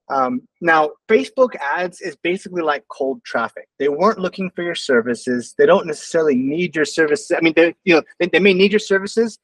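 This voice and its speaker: A man who owns a marketing agency teaches a sales-call script in a casual screen-share lesson, loose and conversational, acting out phone calls in quotes. His voice is on the high side, and the recording is rough with no echo.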